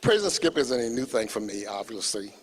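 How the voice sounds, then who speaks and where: A man's voice: medium pitch, big pitch swings, a little fast, husky, big-room sound. A man from Louisiana, an athletic director, giving a prepared, earnest tribute to his late mentor at a memorial service.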